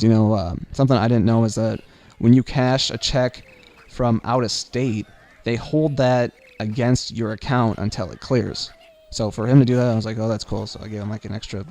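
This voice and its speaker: A man's voice: on the low side, darkish tone. A young man casually telling a personal story to the camera, rambling with lots of fillers. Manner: rambling, many fillers, laughs while telling. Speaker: vlogger.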